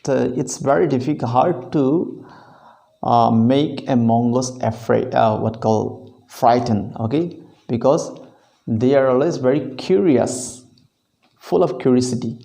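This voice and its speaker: A man's voice: mid-range voice, measured pace, vocal fry, warm tone, rough recording. A man teaching a literature lesson, explaining a story line by line and repeating himself with frequent "okay"s. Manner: repetitive, fills with frequent "okay". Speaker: English teacher.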